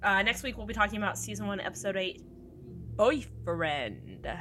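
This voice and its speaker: A woman co-hosting a podcast in casual chat, giggly and playful, quick to tease. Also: medium pitch, fairly even intonation, bright, forceful tone, slight background noise. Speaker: podcast co-host.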